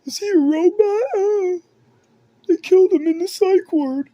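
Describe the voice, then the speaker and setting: A man voicing a terrified, paranoid adult who rambles in a high, whimpering voice. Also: measured pace, warm tone, no echo, highs cut off.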